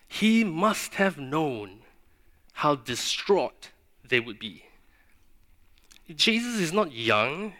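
A man preaching a sermon in an earnest, questioning way, pausing for emphasis. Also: a little high, pushed and bright.

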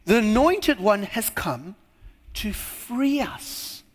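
A pastor preaching a sermon to his congregation, rising to emphatic peaks and dropping to a hush. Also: high-pitched, takes it slowly. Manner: lively preaching with sudden drops to a hush. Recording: hall reverb.

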